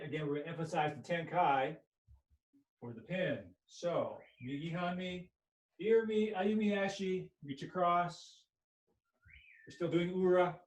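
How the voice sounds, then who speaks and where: Male martial arts instructor, slow deliberate cues, picked up from across an echoey room. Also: fairly high pitch. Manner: calls out short technique cues while demonstrating. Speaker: aikido instructor. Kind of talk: live online class instruction. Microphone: laptop or camera mic at a distance. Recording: echoey room, distant mic.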